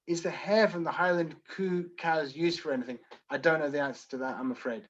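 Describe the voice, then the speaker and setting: A man from Scotland with a mild, London-softened Edinburgh accent, reading out audience questions and answering them briskly and dryly in an online Q and A. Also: a little high, dull audio. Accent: mild Edinburgh Scottish, softened by London. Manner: brisk, dry and wry, reading questions aloud then answering. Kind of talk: live online Q and A.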